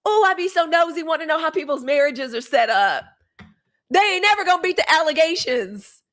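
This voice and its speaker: A woman's voice: high voice, lively intonation, fairly quick, a bit bright. A young woman from Mississippi, hosting a live show in casual, gossipy chat, cursing freely. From Mississippi, USA.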